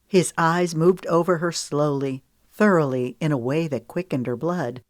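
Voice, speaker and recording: A woman with a notably low voice narrates an audiobook in an even, measured way. The recording is dry and close, with no room sound behind her. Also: no room sound.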